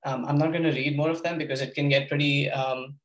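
A man's voice: a little high, steady tone, fast talker, a bit bright, reverberant, low-quality recording. A young man giving an informal workshop lecture, with lots of ums, hesitations and restarts. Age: young adult. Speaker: workshop presenter.

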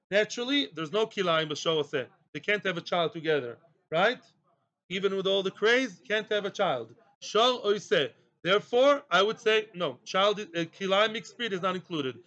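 High, bright-voiced Talmud teacher. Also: male voice, moderate pace, dull audio. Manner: lively, mixes Hebrew and Aramaic terms, jokes with students. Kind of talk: daily Talmud class.

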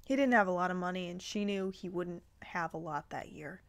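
A woman reading as a calm fatherly man. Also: on the low side, fairly quick, lightly acted. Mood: reassuring. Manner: calm, reassuring.

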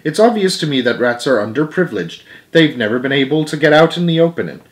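A man reading a storybook aloud, voicing a small, earnest mouse who acts as a solemn, fair-minded teacher, in a lively, emphatic voice. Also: quick pace, lightly acted. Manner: lively, emphatic, higher and louder than his narration.

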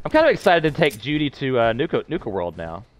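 A man's voice: mid-range voice, very animated, fast talker, a little hiss or hum. A man casually commenting while he streams a game, chatting playfully and answering his viewers. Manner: chatty, playful, reading chat aloud. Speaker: gameplay streamer.

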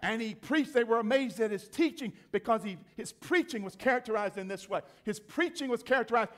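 A male pastor preaching a sermon in church, emphatic and repetitive, swinging from loud to hushed. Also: very high-pitched, lively intonation, fairly quick, few pauses.

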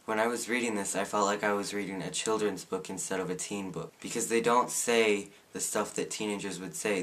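Teen male book reviewer, slightly low voice, opinionated, sarcastic asides. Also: a bit bright. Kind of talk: casual book review vlog.

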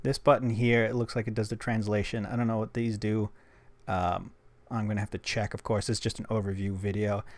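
A man from the United States chatting casually through a gadget unboxing, excitable and talking to himself as he tries it out. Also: lowish voice, fairly quick, dry recording. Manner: chatty, excitable, talks to himself while testing. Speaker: tech YouTuber. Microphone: desk microphone he records on.

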